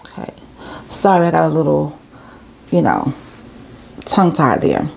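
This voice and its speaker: A woman's voice: low-pitched, big pitch swings, unhurried, gravelly, darkish tone. A woman hosting her channel, chatting casually and reading messages aloud with chatty asides and rhetorical questions. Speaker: channel host.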